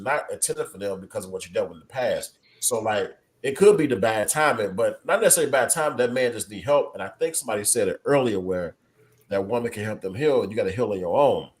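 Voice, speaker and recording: A man holding forth in a casual group podcast chat. His voice sits in an ordinary middle pitch. He talks candidly and profanely, often doubling his words as he makes a point. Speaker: podcast co-host.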